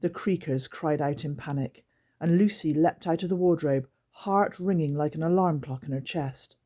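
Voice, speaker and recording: Woman narrator for a children's audiobook, low, husky, storytelling delivery. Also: moderate pace. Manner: storytelling, expressive reading. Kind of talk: reading a children's book aloud.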